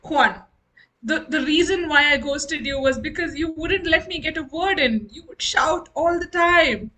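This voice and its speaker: A woman's voice: high-pitched, a little slow, bright, forceful tone, rough recording. Woman playing a flustered ex, stammering, giggly, nervous, video call. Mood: apologetic. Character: flustered woman seeking closure with her exes. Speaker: improv comedian.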